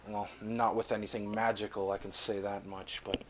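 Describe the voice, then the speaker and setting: A man voicing a stern, weary human lord in a tabletop game, speaking gravely and bluntly. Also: fairly low pitch, flat delivery, moderate pace, noisy background, close to an everyday voice.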